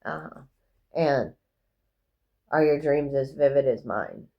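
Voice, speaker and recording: A woman giving a casual, rambling tarot reading in a gentle, affirming way. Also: rumbling low, takes it slowly, vocal fry, lo-fi sound. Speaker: tarot reader.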